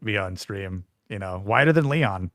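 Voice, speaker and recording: A man's voice: fairly low pitch, lively intonation, normal speed, fairly bright tone, dry recording, clean studio sound. A man from Florida co-hosting a livestream podcast, chatting casually and greeting viewers by name. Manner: laid-back, greets chat viewers by name. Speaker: podcast co-host.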